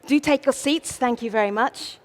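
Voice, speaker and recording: A woman's voice: high voice, moderate pace. A woman with a South London accent moderating a large conference, playful and theatrical with the audience. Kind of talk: live event hosting. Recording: reverberant large hall.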